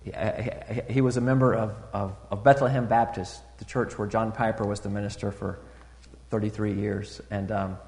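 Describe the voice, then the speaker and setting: A man preaching a sermon in a relaxed, conversational way, full of fillers and restarts, rising loud and high to stress a point and dropping quiet for asides. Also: moderate pace, vocal fry, long reverb tail. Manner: rises loud and high for emphasis, drops soft for asides. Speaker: pastor.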